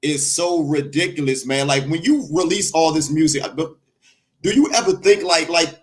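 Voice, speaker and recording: A man hosting a podcast interview, talking excitedly, repeating words and calling his guest bro and man. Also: fairly high pitch, normal speed. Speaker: podcast host. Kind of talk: casual interview.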